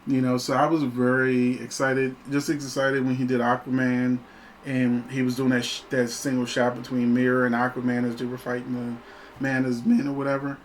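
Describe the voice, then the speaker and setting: Male host, casual animated film reviewer, average pitch, slight background hiss. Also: normal speed, rough recording. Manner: animated, chatty, laughs often.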